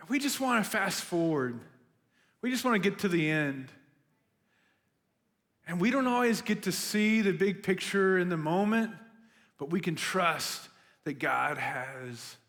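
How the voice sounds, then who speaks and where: A young man giving a casual, chatty sermon to students, full of "like" and "right?", as a youth pastor. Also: sits high. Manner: chatty and animated, lots of "like" and "right?". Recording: long hall reverb.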